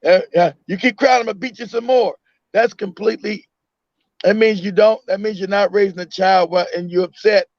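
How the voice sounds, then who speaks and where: A high-pitched man talks in a casual chat, emphatic and repeating his points. The sound is dry and close. The audio is dull and lo-fi. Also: steady tone, a little fast, darkish tone, no echo. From United States. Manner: emphatic, repeats himself, acts out a mother.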